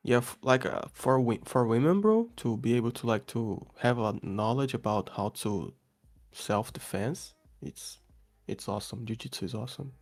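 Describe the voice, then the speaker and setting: Animated man who keeps saying bro. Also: mid-range voice, normal speed. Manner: animated, repeats words, says bro a lot. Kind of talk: casual chat.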